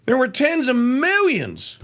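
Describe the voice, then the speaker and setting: This Louisiana talk radio host delivers a heated political rant at a slow pace. The voice is gravelly yet bright, pitch jumping in lively swings as he sinks into muttered asides before rising to shouts.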